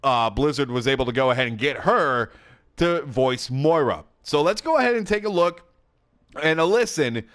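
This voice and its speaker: A man hosting a casual game commentary video from his home setup, talking into a headset mic in a chatty, excitable way, often laughing and filling pauses. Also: medium pitch. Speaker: gaming YouTube host. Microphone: gaming headset.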